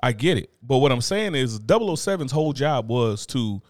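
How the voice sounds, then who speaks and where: A man in casual podcast chat, arguing his points in a loose, profane, animated way. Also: medium pitch, a little fast, no room sound, studio quality. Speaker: podcast co-host.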